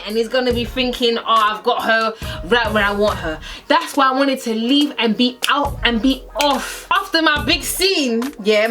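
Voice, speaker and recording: A young woman, casually telling a personal story and acting out the quotes with big swings in her voice. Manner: animated, acts out quotes with big pitch swings. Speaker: storyteller vlogger.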